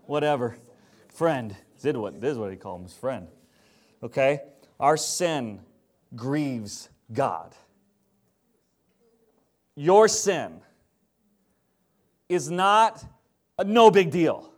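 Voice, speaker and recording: A man's voice: medium pitch, lively intonation, slow pace, pauses often. A man preaching a sermon in a conversational style that rises to emphatic declarations. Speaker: pastor.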